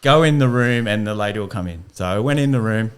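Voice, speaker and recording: A man's voice: on the low side, animated, fast, clear, resonant tone. Laughing man telling a story. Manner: self-deprecating, laughs through his story. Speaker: podcast guest. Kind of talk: casual storytelling.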